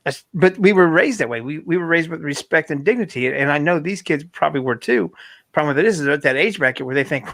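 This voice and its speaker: A fast-talking man in his forties with a fairly high voice presses his opinions emphatically in casual talk-show chat. The sound is dry and close. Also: expressive, creaky, fairly bright tone, dry recording. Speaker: podcast co-host.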